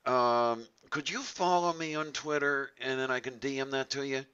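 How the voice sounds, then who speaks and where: A man hosting a live stream in a bright, forceful voice, chatting in a loose, rambling way. He jokes around and trips over his words on purpose. The sound is dull and lo-fi. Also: medium pitch, fairly even intonation, moderate pace, clear, resonant tone. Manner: rambling, jokey, playfully mangles grammar. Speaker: stream host. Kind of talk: casual live-stream chat.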